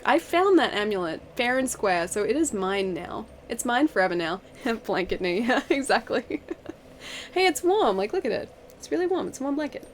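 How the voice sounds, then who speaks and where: A woman's voice: a little high, slight background noise. A woman chatting casually while streaming a game, giggling often and rambling from one thought to the next. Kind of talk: casual live-stream chat. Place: home, wrapped in a blanket.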